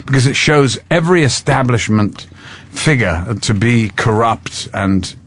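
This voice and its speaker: A man's voice: medium pitch, lively intonation, measured pace. Older man telling stories, chatty and amused. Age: 60s. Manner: chatty, amused, slips into character voices. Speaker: guest actor. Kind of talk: casual interview storytelling.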